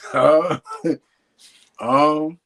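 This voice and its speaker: A man's voice: fairly high pitch, fairly even intonation, very slow, vocal fry, a bit bright. A man hosting a live podcast, hesitant and stumbling over his words with amusement. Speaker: podcast host.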